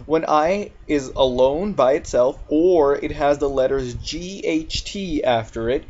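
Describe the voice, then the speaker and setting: A man gives an English pronunciation lesson at a very unhurried pace, stretching out each example word with care. The recording sounds a little dull and lo-fi. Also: on the high side, darkish tone. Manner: slow, deliberate, drawn-out example words. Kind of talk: recorded video lecture.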